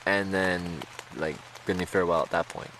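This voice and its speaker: A man's voice: sits low, steady tone, normal speed, a bit bright, a faint crowd, a little hiss or hum, poor audio. A man streaming, telling a story to his chat in a rambling, casual way with lots of fillers and laughs.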